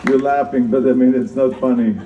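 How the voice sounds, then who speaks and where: At an outdoor citizenship ceremony, the keynote speaker, an older German-accented man, talks emphatically and a little fast in a steady, mid-range voice, repeating key lines and joking about himself. Crowd noise and other background sound mix into the recording, made from the audience on a phone aimed at his mic, which sounds distant, echoey and dull.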